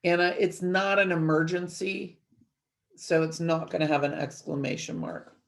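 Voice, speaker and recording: A woman's voice: lowish voice, normal speed. Woman teaching a step-by-step grammar lesson. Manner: clear step-by-step explaining to students. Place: at a desk, screen-sharing a worksheet.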